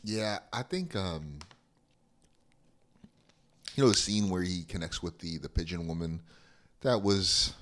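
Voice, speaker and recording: A man with a low voice chats about a film in a relaxed, casual way. He mostly chimes in with quick agreements and dry jokes. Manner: laid-back, chimes in with short agreements and jokes. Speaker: podcast co-host. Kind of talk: casual movie review chat.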